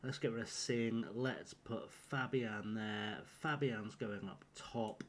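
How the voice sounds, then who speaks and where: Male game streamer, mid-pitched, rambling and flustered, muttering through team selection. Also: slow, fairly bright tone, a little hiss or hum. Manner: rambling, flustered, talks to himself while picking a team. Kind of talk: live-streamed gameplay commentary.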